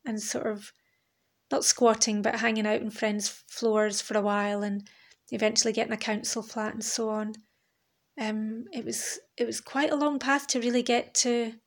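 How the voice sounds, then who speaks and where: Woman rambling thru a solo podcast, kinda high voice, swears casually, candid. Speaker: podcast host. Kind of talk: reflective solo podcast monologue.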